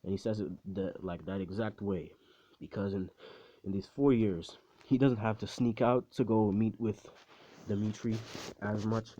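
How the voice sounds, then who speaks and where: A man's voice: on the low side, steady tone, normal speed, dark tone. A man casually retelling a fan story in a rambling, slangy way, laughing at his own jokes. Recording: slightly muffled recording.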